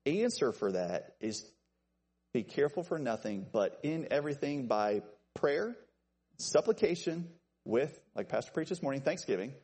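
Husky, animated male preacher. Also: normal speed. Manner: animated, jokey asides to named listeners, lively pitch swings. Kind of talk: evening church sermon.

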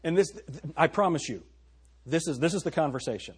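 A male preacher with a husky, somewhat high voice delivers a sermon. He is emphatic and folksy, slowing down to stress words and speaking straight to his listeners. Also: lively intonation. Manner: folksy, addresses the congregation directly.

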